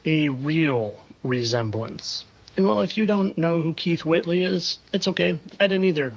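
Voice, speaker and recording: Man, host, sarcastic insinuating delivery, higher voice, dull lo-fi audio. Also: fairly even intonation, brisk, gravelly, slight background noise. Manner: sarcastic, insinuating, repeats phrases for effect. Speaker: conspiracy video host. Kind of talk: monologue over clips. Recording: dull lo-fi sound.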